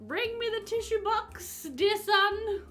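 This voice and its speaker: A woman's voice: very high-pitched, takes it slowly, fairly bright tone, soft background music, voice pushed up, heavily acted. A woman voicing a melodramatic, weepy mother who shrilly calls for her bucket and tissues. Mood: theatrical wailing.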